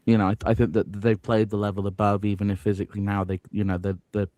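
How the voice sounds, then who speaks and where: A man co-hosts a casual football podcast with a lively, humorous manner. His voice sits fairly low and the recording is dry and close. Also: fast, dry recording. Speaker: podcast co-host.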